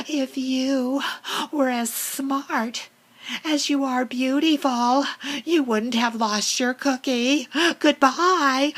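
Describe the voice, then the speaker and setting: A woman voicing a friendly, vain female fox who tells a children's story in a whispered role-play, with a slow, breathy manner. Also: on the high side, fairly bright tone, rough recording.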